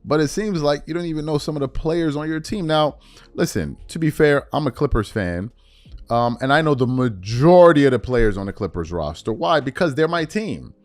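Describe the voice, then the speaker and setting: A man's voice: fairly high pitch, lively intonation, normal speed, dry recording, soft background music. A man hosting a podcast, giving his opinion in casual talk that rambles with many fillers and repeats. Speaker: podcast host.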